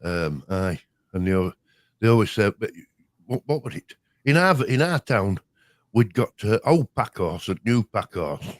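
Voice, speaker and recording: A man's voice: lowish voice, very animated, measured pace, no echo. An older man with a Yorkshire accent, rambling through broad-dialect memories in casual chat as a show's co-host. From Yorkshire, England. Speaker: podcast co-host.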